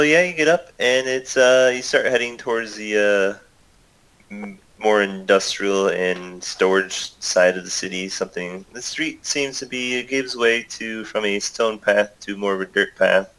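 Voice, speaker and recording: A man's voice: on the low side, fairly even intonation, unhurried, fairly bright tone, smooth, rough recording. A man acting as game master, narrating a tabletop game in a loose, improvised way with many fillers.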